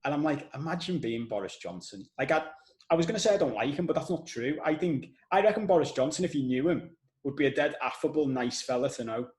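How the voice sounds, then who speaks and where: A man with a Scouse accent hosting a podcast, telling stories in an animated, casual way and swearing now and then. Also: medium pitch, fast, echoey room, poor audio. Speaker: podcast host. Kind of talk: casual conversational podcast chat.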